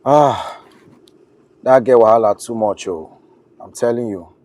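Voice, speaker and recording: A man's voice: medium pitch, a little slow, darkish tone, no echo, close to an everyday voice. A Nigerian man in a film drama, talking casually and complaining. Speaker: housemate of the woman's boyfriend.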